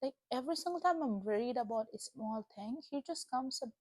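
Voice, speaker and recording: A young adult woman, a Christian vlogger, gives a casual spoken faith testimony that is earnest, emotional, and chatty, with lots of fillers. Her voice is high-pitched, animated, and a little fast and mellow, with no room sound.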